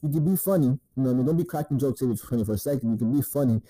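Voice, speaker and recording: A man in a casual advice vlog, talking in a very dark, mellow voice. He swears constantly and tacks "man" onto his sentences in a loose, drawling delivery. The sound is dry and close, with no room echo. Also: mid-range voice, rapid-fire, breathy edge. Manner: crude, profane, repeats "man" often. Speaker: dating advice host.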